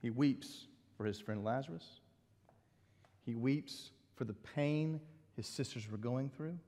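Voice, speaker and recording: A middle-aged man, a pastor preaching a sermon in an animated, conversational way with asides. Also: medium pitch, takes it slowly, long reverb tail.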